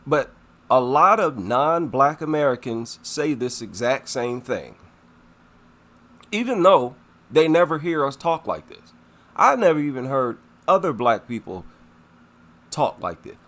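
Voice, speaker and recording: A man's voice: medium pitch, very animated, measured pace, long pauses, a bit bright. A man giving indignant reaction commentary on a clip, scornful and emphatic, repeating his points for weight. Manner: emphatic, repeats himself for effect.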